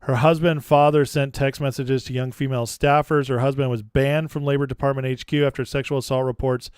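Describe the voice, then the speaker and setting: A man's voice: medium pitch, level tone, fairly quick, a little mellow, clean tone, no room sound, clean studio sound. A man hosting a political commentary vlog, talking in a chatty, opinionated, offhand way. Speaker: host.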